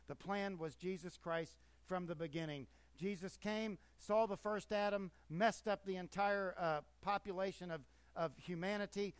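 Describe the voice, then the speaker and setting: A man's voice: sits high, fairly even intonation, moderate pace, few pauses, clear, resonant tone, no echo. Emphatic preaching man, dry sound. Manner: emphatic preaching, rising and falling in force. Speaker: pastor. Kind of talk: sermon.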